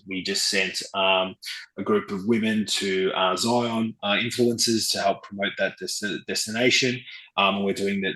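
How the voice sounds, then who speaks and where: A man's voice: lowish voice, fairly bright tone. An Australian man speaking earnestly as a travel company guest on a podcast, with many fillers and restarts. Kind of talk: podcast interview. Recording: roomy echo.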